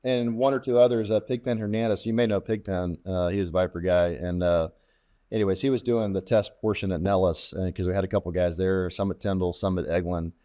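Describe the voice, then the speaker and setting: A man's voice: sits low, brisk. A middle-aged man, a former fighter test pilot, telling war stories in a casual interview and acting out the quoted dialogue. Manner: lively storyteller who acts out quoted radio talk.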